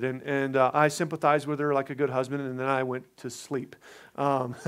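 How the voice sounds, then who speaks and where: A man pastor preaching a sermon, moving between loud emphatic preaching and quiet, conversational storytelling. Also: medium pitch.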